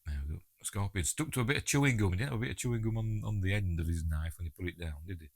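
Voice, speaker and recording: A man's voice: low voice, animated, rapid-fire, no room sound, studio quality. A man with a Yorkshire accent giving a chatty, jokey audio commentary on a film and talking back to the characters on screen. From England.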